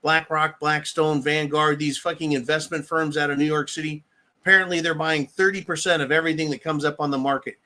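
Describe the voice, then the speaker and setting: An American political commentator hosts a livestream, reading viewer comments while ranting angrily and bluntly with plenty of profanity. His voice is on the high side, brisk and bright, with fairly even intonation and a forceful tone.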